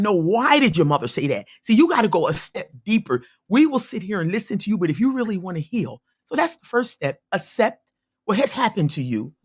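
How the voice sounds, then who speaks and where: Husky-voiced woman in her fifties, preaching. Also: mid-range voice, very animated, a little fast. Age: 50s. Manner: preachy, emphatic, repeats key points. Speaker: radio show guest, abuse survivor and healer. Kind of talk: earnest personal testimony and advice. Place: radio studio.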